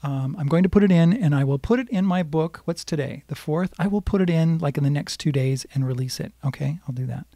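A man's voice: a little high, a little fast, hardly any pauses, warm tone, no echo, clean studio sound. A man teaching a live-streamed guitar lesson, explaining music theory patiently and singing bits of the melody. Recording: guitar playing behind voice.

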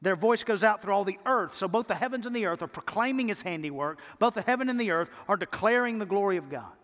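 A man's voice: high voice, animated, fast, a bit bright, big-room sound. A man preaching a sermon as pastor, emphatic, repeating words as he builds to a point. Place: church sanctuary.

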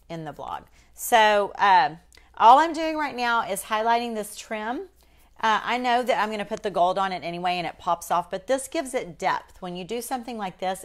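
A woman hosting a casual live painting demonstration, chatting folksily with viewers. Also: mid-range voice.

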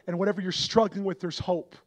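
Young guy preacher, high voice, goes from hushed storytelling to big fired-up revival sermon. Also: flat delivery, quick pace. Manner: builds from soft storytelling to loud, high-pitched fervor.

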